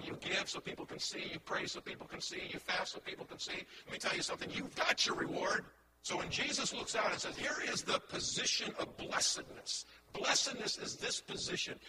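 Male pastor, very high voice, impassioned sermon, heavy background hiss. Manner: impassioned, shifting from hushed to loud; repeats words when building a point.

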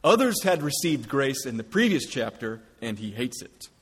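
Husky preaching man in a reverberant hall. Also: mid-range voice, big pitch swings, normal speed, fairly bright tone. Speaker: pastor. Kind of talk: sermon.

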